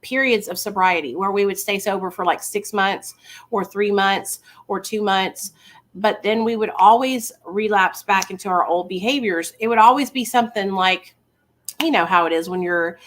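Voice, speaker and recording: A woman's voice: mid-range voice, a bit bright. A woman in her thirties, a vlogger casually telling viewers a personal story in a chatty, confiding way.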